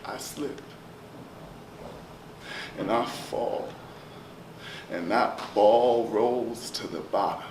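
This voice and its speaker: A man performing spoken word poetry, rhythmic and chanting, with swings from loud to hushed. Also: on the low side, very slow, long pauses. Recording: roomy, distant live recording with noise.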